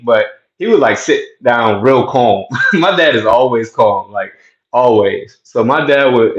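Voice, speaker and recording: A man hosting his own show, telling a childhood story in a conversational way and then making his point. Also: medium pitch. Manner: conversational, animated when telling stories. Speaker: host. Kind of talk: casual commentary with storytelling. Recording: echoey room, slightly dull sound.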